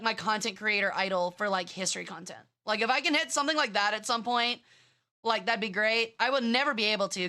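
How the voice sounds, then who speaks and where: A woman's voice: medium pitch, sharp tone. A young woman streamer chatting casually and rambling, bratty in tone, swearing freely and using plenty of fillers. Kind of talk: casual live-stream chat.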